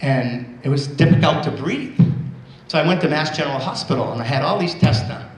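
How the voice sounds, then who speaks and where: A man's voice: a little high, animated, a little fast. A man in his sixties giving a motivational speech at a school assembly, telling stories and repeating key phrases for emphasis. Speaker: guest speaker at a school assembly. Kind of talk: motivational storytelling. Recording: roomy hall sound with faint ambience.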